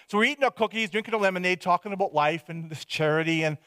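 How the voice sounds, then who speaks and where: A man shares a testimony from his own life, rambling and poking fun at himself as he goes. His voice sits a touch high for a man and trips over its restarts. The recording is dry and close, with no room sound. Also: quick pace, a bit bright, no room sound. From Hope, British Columbia, Canada. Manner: self-deprecating, rambling storyteller with frequent restarts. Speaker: speaker giving a testimony. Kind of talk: personal testimony storytelling.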